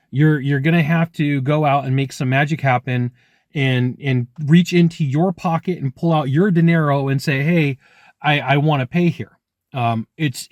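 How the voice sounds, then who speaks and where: A man's voice: on the high side, no echo, clean studio sound. A man who works as a sales trainer, giving blunt, conversational coaching advice straight to the viewer. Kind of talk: direct-to-camera coaching talk.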